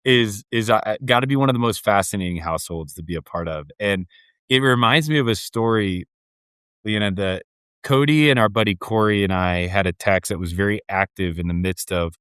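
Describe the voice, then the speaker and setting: Male host in his thirties, low smooth voice, dry close mic, earnest questions. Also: a bit bright, no room sound. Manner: earnest, halting, many fillers. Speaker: podcast host. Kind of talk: interview host.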